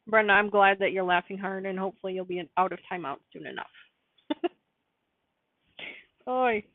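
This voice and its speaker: This is casual live-stream sewing chat from a woman hosting a quilting stream, chatty and apologetic and laughing often as she speaks. Her voice sits at medium pitch, a touch slow, with frequent pauses. The sound is dry and phone-like, without echo.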